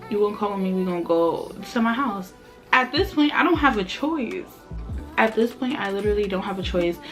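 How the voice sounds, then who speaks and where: A young woman, a vlogger telling a storytime tale with animated delivery and acted-out quotes. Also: mid-range voice, brisk, soft background music. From Brooklyn, New York. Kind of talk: storytime chat.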